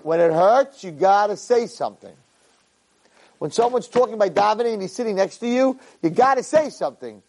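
A middle-aged man, a rabbi, giving a lively Torah lecture to a class and acting out the voices in his stories. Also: sits high, fairly quick, gravelly, background noise. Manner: animated storyteller who acts out voices and cries out quoted lines.

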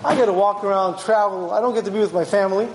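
A man voicing a sly, self-pitying businessman who grumbles quickly, in an echoey room. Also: sits high, fairly even intonation, a little hiss or hum. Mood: grumbling.

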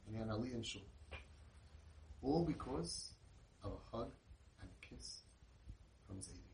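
A middle-aged man, telling an inspirational story in an animated way and sprinkling in Yiddish and Hebrew words. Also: mid-range voice, moderate pace, gravelly. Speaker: inspirational speaker. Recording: roomy, distant mic with faint noise.

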